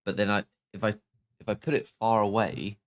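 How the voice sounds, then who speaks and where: Low-voiced man testing his mic. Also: level tone, brisk, dry recording. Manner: thinking aloud, explaining settings step by step. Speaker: streamer. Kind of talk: casual mic test chat. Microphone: new microphone, close up.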